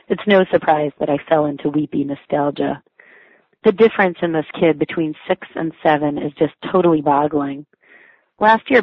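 A writer with a low voice reads her own blog entry, a personal essay, aloud in a wry, self-mocking, lightly amused way. There's no echo, and the recording sounds dry and tinny, like a phone.

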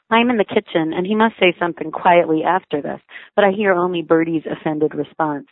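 A woman's voice: fairly low pitch, moderate pace, no room sound. A mother reading her own memoir aloud in a wry, reflective storytelling manner. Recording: thin phone-like sound, dry.

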